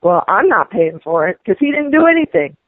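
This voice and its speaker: Over a tinny phone line with no room sound, a woman complains angrily about a repair, unaware she's the target of a prank call. Her medium-pitched voice swings widely and runs a little fast as her indignant rant builds into shouting.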